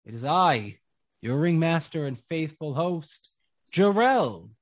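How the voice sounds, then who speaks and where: A man voicing a showy, boastful male circus ringmaster who booms his lines and talks in rhymes. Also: sing-song, slow pace, dry recording, clean studio sound, exaggerated voice. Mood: grandiose. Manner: booming, theatrical, speaks in rhymes.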